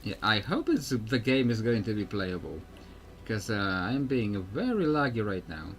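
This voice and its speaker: A man's voice: lowish voice, sing-song, moderate pace, a little hiss or hum. Rambling, laughing male gamer. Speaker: streamer. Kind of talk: casual gameplay commentary.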